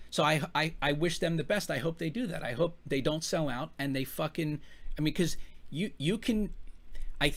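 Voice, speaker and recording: A man from the United States with a slightly high voice, reacting to a livestream clip. He rambles and swears freely, starting his sentences over and over as he works out his point. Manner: rambling, profane, restarts his sentences often. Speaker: reaction commentator. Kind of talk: casual reaction commentary.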